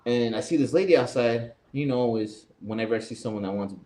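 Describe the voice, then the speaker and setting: Fast-talking profane storyteller man. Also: mid-range voice. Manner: fast, profane, animated anecdote with lots of reported speech. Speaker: podcast co-host. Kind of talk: casual storytelling chat.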